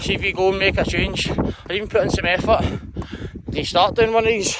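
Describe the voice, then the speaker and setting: Scottish guy with a high voice, chatting excitedly to camera on a windswept mountain hike. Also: brisk, very noisy. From Scotland. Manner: excitable, sweary, talks to the camera. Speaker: hiking vlogger. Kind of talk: casual vlog narration while hiking. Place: outdoors on a snowy mountain.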